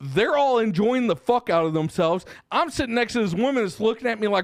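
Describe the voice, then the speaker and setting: A man co-hosting a podcast, telling a long story in casual, profane chat and getting loud and animated when worked up. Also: extremely high pitch, fairly quick, few pauses, no room sound, studio quality. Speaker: podcast co-host.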